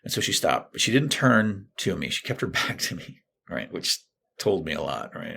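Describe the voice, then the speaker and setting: Low and gravelly with a breathy edge, the voice runs at normal speed. It belongs to a middle-aged therapist on a podcast, animatedly telling his own story and performing the quoted dialogue.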